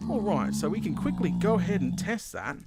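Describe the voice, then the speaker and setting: With a high, gravelly voice and a brisk pace, an Australian man narrates his own gameplay as a video host while loud music plays underneath. He is chatty and casual, excitable and self-deprecating.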